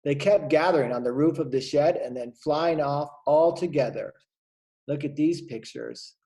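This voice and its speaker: Gravelly-voiced male kindergarten teacher reading aloud. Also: a little high. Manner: gentle, pausing to point out pictures. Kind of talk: reading a picture book aloud to children.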